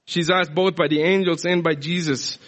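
A man's voice: fairly high pitch, fairly even intonation, moderate pace, a bit bright. A man from South America preaching a sermon in a conversational, explanatory way with frequent restarts.

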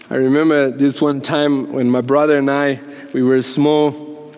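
A man preaching a sermon in an animated way, laughing as he acts out quotes and often repeating words. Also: medium pitch, a little slow, clear, resonant tone. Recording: long hall reverb.

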